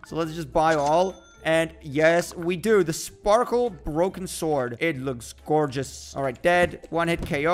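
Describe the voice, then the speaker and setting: A man's voice: on the high side, fairly bright tone. A man giving casual gameplay commentary, joking around with playful mock trash talk and frequent exclamations. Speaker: gaming YouTuber.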